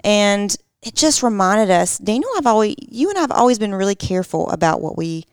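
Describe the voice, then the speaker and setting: A woman in her thirties co-hosting a podcast, speaking in an earnest, measured way in casual conversation. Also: medium pitch, lively intonation, clear, resonant tone, dry recording. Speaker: podcast co-host.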